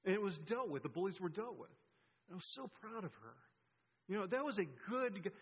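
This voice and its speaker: A man's voice: a little high, a bit bright. A middle-aged male pastor giving a sermon, conversational, repeating key points for emphasis. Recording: husky, muffled, long hall reverb.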